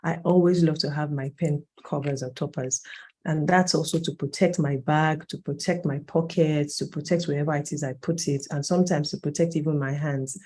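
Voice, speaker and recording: Mellow-voiced facilitator in their late thirties. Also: mid-range voice, steady tone, normal speed. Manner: conversational, emphatic asides, self-corrects mid-sentence. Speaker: workshop facilitator. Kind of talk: lecture to a training cohort.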